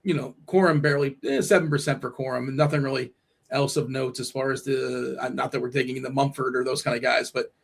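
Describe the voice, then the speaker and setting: A man's voice: mid-range voice, little pitch movement, fast, gravelly, slightly rough. A man hosting a casual sports talk show, leading the segment and reading out numbers with plenty of fillers. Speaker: podcast host.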